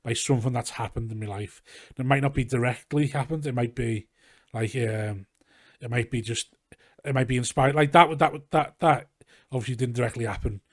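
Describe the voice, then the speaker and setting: A man's voice: medium pitch, moderate pace, no echo, studio quality. A man with a Scouse accent, a comedian guest on a casual podcast, telling rambling, sweary anecdotes and acting out what people said. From Liverpool, England. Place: garage.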